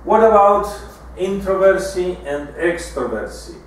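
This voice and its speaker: A man giving a lecture in a deliberate style, often restarting his sentences. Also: sits high, very animated, a little hiss or hum. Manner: deliberate, with frequent restarts and fillers. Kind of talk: recorded lecture. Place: lecture room. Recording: echoey room, mic far off.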